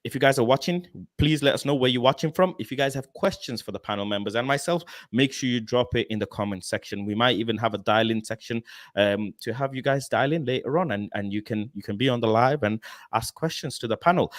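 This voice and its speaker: A man hosting a live football fan talk show, chatty and quick to laugh. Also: medium pitch. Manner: chatty, laughing, animated questions. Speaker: host.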